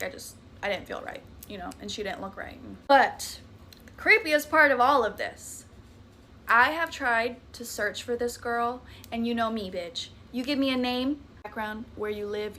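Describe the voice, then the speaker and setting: A woman's voice: mid-range voice, pushed and bright, slight background noise. A young woman with a Southern US accent tells a horror story in a casual, dramatic and profane way. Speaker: storytime creator.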